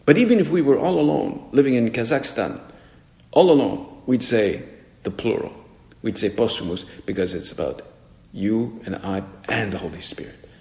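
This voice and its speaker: A man's voice: medium pitch, animated, moderate pace, gravelly, dark tone. A man giving a spoken meditation as a priest, talking in a conversational, musing way with frequent restarts, in an echoey hall with faint music behind.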